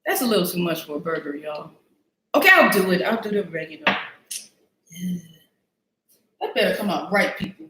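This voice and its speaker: A woman's voice: lowish voice, lively intonation, a little fast, long pauses, a bit bright, roomy sound, slight background noise. A woman hosting a casual live cooking stream, chatty and self-mocking as she talks to her viewers from a home kitchen. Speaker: cooking show host.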